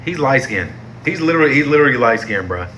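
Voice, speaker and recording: Bright-voiced young man ranting in slang. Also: medium pitch, expressive, fast talker, a little hiss or hum. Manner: heated, slangy and exasperated, repeating himself for emphasis. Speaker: TV show reviewer. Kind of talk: casual ranting review.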